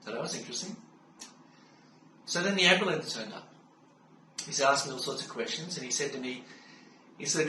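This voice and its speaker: A middle-aged Australian man calmly recounting a personal story in an unhurried way, with frequent fillers. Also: medium pitch. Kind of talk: personal spoken testimony. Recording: roomy sound from a distance with faint background hum.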